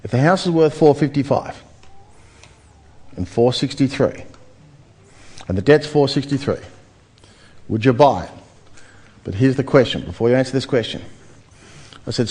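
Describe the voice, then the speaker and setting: A man's voice: mid-range voice, normal speed, long pauses. A man giving a property seminar, firing rhetorical questions at a live audience. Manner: animated, addresses the crowd with rhetorical questions. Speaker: seminar speaker.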